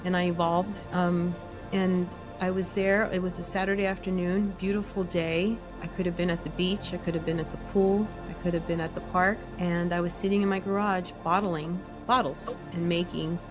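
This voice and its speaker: A woman's voice: fairly low pitch, little pitch movement, moderate pace, music in the background. A woman guest in an interview, telling her story casually and acting out her own inner voice. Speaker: guest, essence maker.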